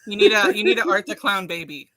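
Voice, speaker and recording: A woman's voice: medium pitch, fast, pushed and bright. A woman hosting a casual interview, giggly and laid back, swearing freely. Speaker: host.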